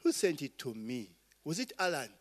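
A man's voice: fairly high pitch, big pitch swings, moderate pace. A middle-aged Ugandan man preaching a sermon, rambling with asides and tossing "eh?" and "okay?" to the congregation. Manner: rambling, call-and-response asides, frequent "eh?" and "okay?". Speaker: pastor.

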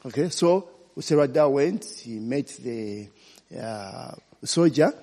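A man's voice: medium pitch, lively intonation, slow, dark tone. A man preaching an informal sermon, often checking in with "eh?" and "okay?". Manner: chatty, frequent "eh?" and "okay?" check-ins. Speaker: pastor. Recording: long hall reverb.

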